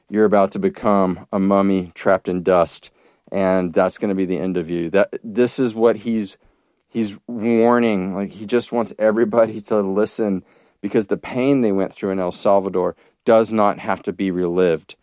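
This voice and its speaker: A low-pitched man talks through his podcast in an unscripted, meandering monologue, restarting phrases and filling pauses. The recording is close and dry, with no room sound. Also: a little mellow, no echo. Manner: rambling, with many restarts and fillers. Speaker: podcast host. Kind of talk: casual monologue.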